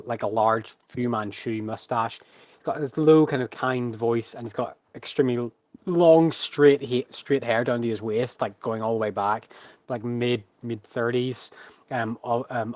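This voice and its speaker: A man's voice: mid-range voice, no echo. A man running a tabletop game who narrates the scene loosely, with frequent ums and restarts. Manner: hesitant, full of ums and restarts. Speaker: game master.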